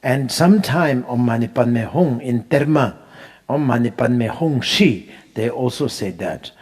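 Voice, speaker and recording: A man, teaching how to pronounce mantras in an unhurried, laughing way, chanting them as he goes. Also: mid-range voice, lively intonation, a little mellow. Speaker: Buddhist teacher. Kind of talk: dharma teaching on mantra pronunciation.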